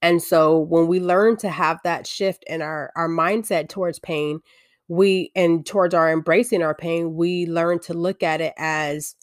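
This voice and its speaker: A woman's voice: lowish voice, no echo, studio quality. A woman giving an earnest, confessional faith-based talk, often restarting her sentences.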